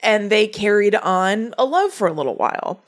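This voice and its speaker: Podcast co-host, woman, relaxed storytelling, recaps plots with casual asides. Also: mid-range voice, normal speed. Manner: chatty, summarizing plot with asides. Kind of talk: casual chat recapping a movie.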